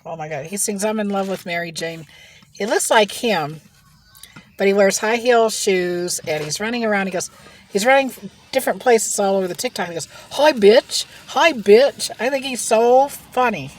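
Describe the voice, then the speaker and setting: A woman speaks in a mid-range voice at an ordinary pace. This mukbang vlogger eats inside a car while telling chatty, rambling gossip stories, breaking into frequent laughs.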